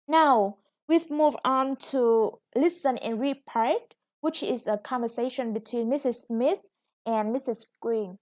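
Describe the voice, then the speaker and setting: A woman's voice: a little high, takes it slowly, darkish tone. A woman English teacher with a Vietnamese accent, explaining a lesson patiently. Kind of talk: recorded classroom lesson.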